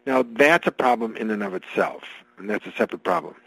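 A man being interviewed as an author guest, talking in an animated storytelling way and telling jokes. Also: on the low side, quick pace, creaky, dry recording, low-quality recording. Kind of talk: radio interview conversation.

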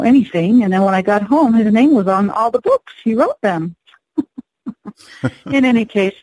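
A singer-songwriter woman from the Navajo Nation, telling an unhurried, reflective story to introduce one of her songs. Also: mid-range voice, a little mellow, no echo, rough recording. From Navajo Nation, US Southwest.

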